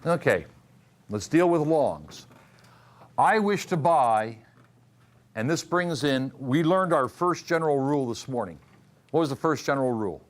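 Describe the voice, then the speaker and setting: In a measured, expressive mid-range voice broken by long pauses, a man teaches a trading class. He questions the room, drills the answers, and reinforces the main rules by repeating them, lecture-style.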